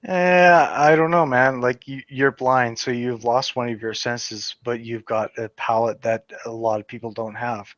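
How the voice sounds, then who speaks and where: A man's voice: medium pitch, fairly even intonation, measured pace, few pauses, a bit bright, no echo, lo-fi sound. A man in his thirties hosting a casual chat, rambling, swearing and laughing often. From Western Canada. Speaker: channel host.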